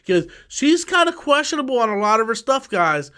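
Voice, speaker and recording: A man hosting a live stream from home in a high, bright voice. His talk is loose and profane, full of repeats and restarts, and he is quick to flare up at commenters. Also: big pitch swings, smooth. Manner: profane, repetitive, quick to anger. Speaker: livestream host. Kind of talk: casual live stream chat.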